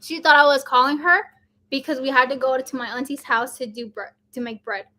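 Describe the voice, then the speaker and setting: Chatty young woman, high voice. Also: a little fast, pushed and bright. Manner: chatty, many fillers like "like" and "um". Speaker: vlogger. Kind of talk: casual storytelling to camera.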